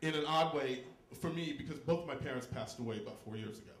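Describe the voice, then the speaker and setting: A man from Texas doing stand-up comedy in a live venue, campy and loud, jumping into shrieking high squeals for punchlines. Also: quick pace, reverberant.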